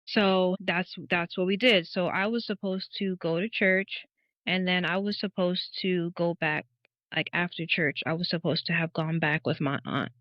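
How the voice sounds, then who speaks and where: A woman's voice: lowish voice, fairly even intonation, normal speed, no room sound. A woman in her thirties recounts her past as a guest on a faith podcast, speaking in an earnest and reflective way. Her voice sits close and dry on the mic, and the recording is a little dull and muffled. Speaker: interview guest sharing her testimony. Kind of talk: conversational personal testimony. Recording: dull, slightly muffled audio.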